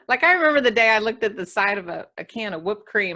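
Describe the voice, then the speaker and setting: A woman hosting a podcast, chatting in a bubbly, animated way and asking her guest questions. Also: medium pitch, rapid-fire, hardly any pauses. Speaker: podcast host. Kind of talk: casual interview talk.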